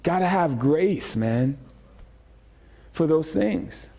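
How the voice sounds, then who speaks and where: A man preaching a sermon as pastor, joking and animated, repeating phrases as he speaks to the congregation. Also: a little high, drawn-out words. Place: church sanctuary.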